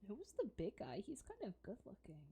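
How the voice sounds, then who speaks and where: A woman's voice: medium pitch, a little mellow, breathy edge. A woman narrating a tabletop game as dungeon master, casual and full of fillers.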